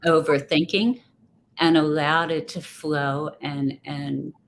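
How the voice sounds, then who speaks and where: Low-voiced woman, reflective and rambling. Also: fairly even intonation, a little slow. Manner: rambling, reflective, restarts thoughts. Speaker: guest speaker. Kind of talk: casual interview chat. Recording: faint background noise.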